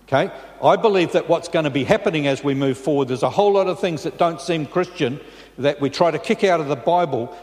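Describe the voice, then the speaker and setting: A man preaching a sermon in a church, talking in a conversational way and often checking in with his listeners. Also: fairly high pitch. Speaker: pastor. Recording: long reverb in a large church.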